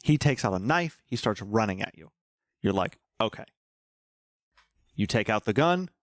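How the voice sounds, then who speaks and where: A man co-hosting a casual podcast chat, swearing freely and spinning animated stories and hypotheticals. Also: fairly low pitch, moderate pace, no echo, clean studio sound. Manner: profane, animated storyteller posing hypotheticals. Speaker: podcast co-host.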